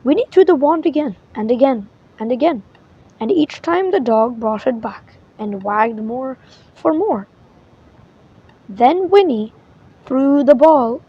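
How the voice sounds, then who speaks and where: A woman reading a children's storybook aloud in an expressive way, with small slips and restarts. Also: sits high, slow, pauses often, breathy edge. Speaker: storybook reader. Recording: muffled lo-fi recording.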